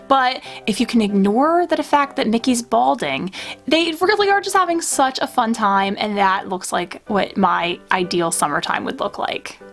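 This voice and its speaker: A young woman talks through her collection in a casual vlog, gushing and chatty with plenty of fillers. Her voice sits a little high. Soft music plays faintly underneath. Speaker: pin collecting YouTuber. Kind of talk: casual show-and-tell vlog.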